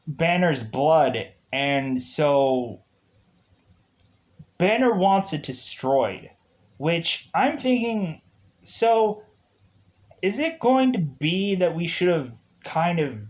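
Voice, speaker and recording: A man casually reviewing a movie, laughing often and acting out quotes as he retells it. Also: a little high.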